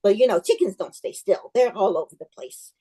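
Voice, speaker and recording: A woman giving a club speech as an expressive folk tale, told with animation. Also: medium pitch, brisk, slightly rough, low-quality recording. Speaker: club speaker.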